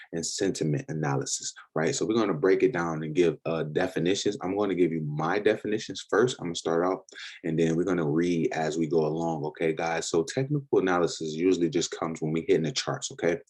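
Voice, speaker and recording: A man gives a casual trading lesson. His voice sits very low with a husky edge. He loops back over points and keeps checking in with his listeners. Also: darkish tone. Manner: casual, repetitive, addresses viewers as guys. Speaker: trading educator and podcast host. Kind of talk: casual screen-share lesson.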